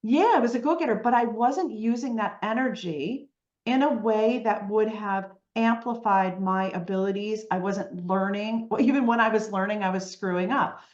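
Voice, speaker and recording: Animated woman telling her story. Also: mid-range voice, moderate pace, echoey room, lo-fi sound. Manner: animated storytelling, frequent "right?" tags. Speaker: podcast guest. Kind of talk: conversational interview storytelling.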